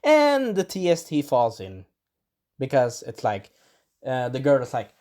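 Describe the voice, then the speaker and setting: A lively, sing-song voice that swoops up and down as it rambles through a casual episode review. The speaker grew up in Sweden, is not speaking their first language, and keeps clearing a scratchy throat. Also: medium pitch, measured pace. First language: Swedish. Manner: rambling, enthusiastic, acts out quotes in little voices. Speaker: video reviewer. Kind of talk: casual spoiler review monologue.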